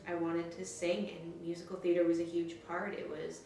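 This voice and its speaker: Young canadian woman, low voice, chatty storytelling, really echoey room, mic far off. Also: completely flat delivery, brisk, a little mellow. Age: 20s. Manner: casual, conversational, many fillers and quoted dialogue. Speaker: interviewee. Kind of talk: personal story told to camera. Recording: very echoey, distant mic, faint music.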